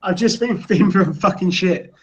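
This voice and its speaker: A man's voice: high-pitched, normal speed, husky, highs cut off. Drunk, swearing English man. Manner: swears constantly, slurring and boisterous. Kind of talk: drunk casual banter.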